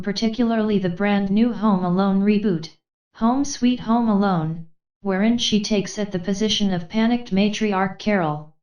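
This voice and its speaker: A text-to-speech woman's voice reads a magazine interview from top to bottom. She delivers questions and answers in the same steady, machine-like way. The sound is roomy and a little muffled. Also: medium pitch. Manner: steady, mechanical read-through of questions and answers alike. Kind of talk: synthetic voice reading an article aloud. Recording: roomy, slightly dull sound.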